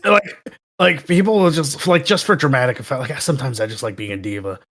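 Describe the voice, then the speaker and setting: A young man, a podcast guest, telling work stories in a sarcastic, animated way during a casual chat. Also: mid-range voice, fairly quick.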